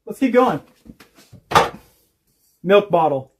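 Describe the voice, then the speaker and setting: A man's voice: high voice, expressive, takes it slowly. A man, telling rambling, profane stories while chatting on a casual homestead livestream. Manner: rambling, profane storytelling with laughs. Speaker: homestead vlogger.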